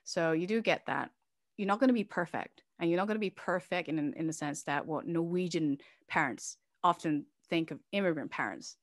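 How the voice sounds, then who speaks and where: A middle-aged woman sharing a personal story in an interview, speaking candidly and with feeling. Her voice sits fairly low for a woman. The sound is dry and close, with no room around it. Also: fairly quick, no echo. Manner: candid and emotional, with many fillers and restarts. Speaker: interview guest, organization founder.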